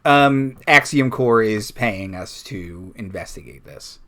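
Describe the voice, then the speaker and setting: A man's voice: lowish voice, animated, takes it slowly, bright, forceful tone. A young man running a tabletop role-playing game, narrating casually with frequent fillers and restarts. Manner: casual, hesitant with many fillers. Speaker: game master.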